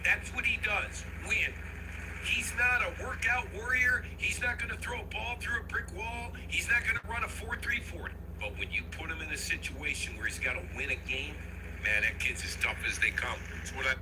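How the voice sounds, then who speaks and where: A man giving measured, emphatic sports commentary in a played clip. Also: high voice, expressive, noisy background. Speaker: sports analyst.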